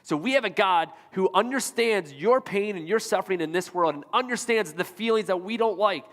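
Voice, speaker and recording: A man's voice: high-pitched, a little fast, fairly bright tone, long reverb tail. A man pastor delivering a sermon, preaching emphatically and repeating rhetorical questions to the congregation. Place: church auditorium.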